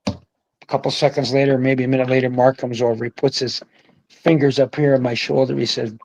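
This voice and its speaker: An older man, a guest who was a pro bowler, telling a profane, animated story in casual conversation. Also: medium pitch, a little fast, creaky, rough recording.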